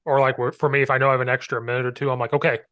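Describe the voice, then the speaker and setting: A man's voice: medium pitch, flat delivery, racing, a bit bright, no echo, studio quality. A man hosting a podcast, chatting casually in a jokey way and laughing a lot as he acts out funny things he says to players. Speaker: podcast host and football line coach.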